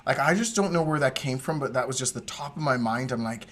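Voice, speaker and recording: Male podcast co-host, mid-pitched, chatty storyteller who wanders off on tangents and laughs often. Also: fast, fairly bright tone. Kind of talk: casual storytelling chat. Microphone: remote podcast mic.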